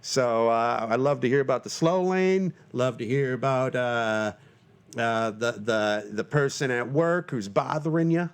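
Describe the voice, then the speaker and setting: Speaking at a measured pace with a clean tone, this Northern Michigan podcaster in his forties monologues on his own. He talks loosely, mocks himself, fills his speech with fillers and restarts, and lets out shrill panicky yells for laughs.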